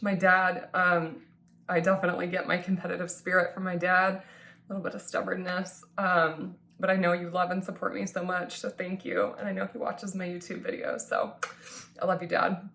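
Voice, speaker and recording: A woman in her thirties speaks in a low, fry-edged voice, thanking the people close to her. She sounds tearful and heartfelt, pausing often with ums and restarting her sentences. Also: flat delivery, a bit bright. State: tearful, crying at times. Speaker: vlogger thanking supporters. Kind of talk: emotional personal thank-you vlog.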